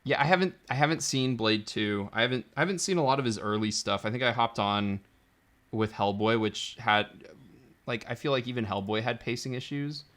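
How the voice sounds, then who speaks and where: A man's voice: mid-range voice, brisk, a bit bright. A man co-hosting a podcast, chatting casually about movies with lots of laughter and quoted lines. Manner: enthusiastic, laughs often, acts out lines in quotes. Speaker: podcast co-host.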